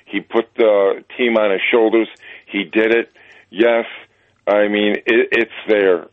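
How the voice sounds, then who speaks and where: Halting male caller on a phone line. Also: fairly low pitch, little pitch movement, no room sound. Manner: halting, stumbling, with many fillers. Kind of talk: call-in talk.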